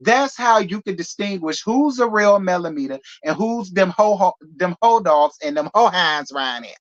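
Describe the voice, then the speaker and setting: Livestream host, sassy casual chat, playful teasing, mid-pitched voice, slightly dull lo-fi audio. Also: lively intonation, normal speed. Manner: sassy, playful, thanks donors by name with kisses.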